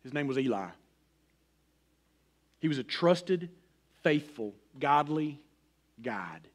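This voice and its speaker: A middle-aged man preaching a sermon in a folksy, personal way, swinging from loud emphasis to a hushed near-whisper. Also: fairly high pitch, animated, slow pace. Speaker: pastor.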